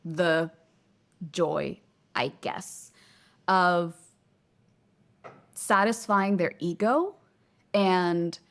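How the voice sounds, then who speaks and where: A woman hosting a self-help video, talking straight to camera in an emphatic way, slowing down to stress key words and acting out little quoted exchanges. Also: mid-range voice. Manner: acts out quoted speech in little skits. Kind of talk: motivational talk to camera.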